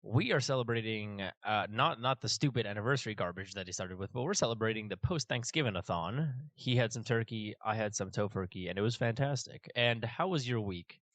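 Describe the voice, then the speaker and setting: A man's voice: on the low side, a little fast, few pauses, fairly bright tone, no room sound. A young man co-hosting a podcast, chatting casually with playful, teasing banter. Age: young adult. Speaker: podcast co-host. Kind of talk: casual chat.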